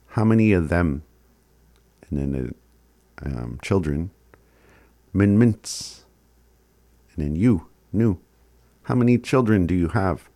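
A man teaching phrases in a casual recorded lesson, chuckling often and sounding words out slowly. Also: low voice, darkish tone, no echo. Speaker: language teacher.

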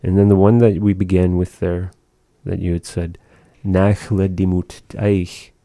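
A man's voice: low-pitched, flat delivery, moderate pace, vocal fry, mellow, no room sound. A man giving a patient one-on-one language lesson, carefully modeling and repeating pronunciations. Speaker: language teacher.

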